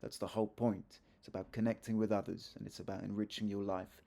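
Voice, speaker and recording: Guy teaching a language lesson, low gravelly voice, chatty, keeps fixing his own slips. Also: flat delivery, fast talker, warm tone. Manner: chatty, self-correcting teacher with asides. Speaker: Spanish teacher. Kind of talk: video lesson explaining grammar.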